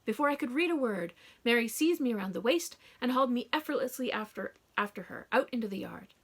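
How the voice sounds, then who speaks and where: A woman narrating a first-person audiobook in a hushed, dramatic reading. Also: fairly high pitch, lively intonation, quick pace.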